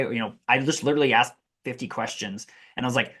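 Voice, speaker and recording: A man with a mid-range voice talks as a podcast guest, explaining things energetically and casually. He piles up examples and rough fillers as he goes. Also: medium pitch, quick pace, bright, forceful tone. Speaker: podcast guest, business AI consultant. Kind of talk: casual interview chat.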